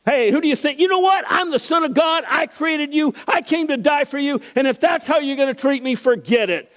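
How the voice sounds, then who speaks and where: A man's voice: extremely high pitch, lively intonation, a little fast, pitched above the performer's own voice. A male pastor voicing an imagined, fed-up Jesus who indignantly calls off the mission. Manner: indignant, raised and half-shouted. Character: exasperated divine man losing patience.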